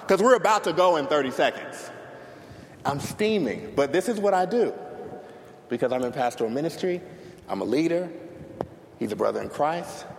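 Guy preaching in a big echoey church, kinda high voice, animated storytelling, claps a lot. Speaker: pastor. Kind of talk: sermon. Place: church sanctuary before a congregation. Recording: long hall reverb, faint noise.

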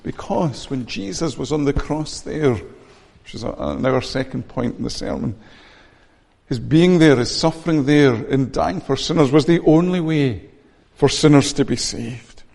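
A man preaching a sermon as pastor, earnest and measured, often repeating words as he searches for them. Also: a little high, vocal fry, a little mellow. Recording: long reverb of a church hall.

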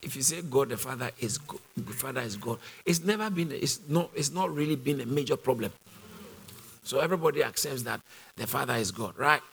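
Speaking briskly with vocal fry and a fairly bright tone, a British-accented man teaches a sermon over slight background noise. His pitch is medium, and he drives points home by repeating them and quizzing the congregation in call-and-response.

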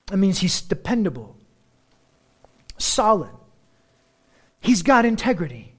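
A middle-aged man preaching as a pastor, shifting between slow, weighty phrases and quick, animated asides. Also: high voice, breathy edge. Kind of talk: sermon.

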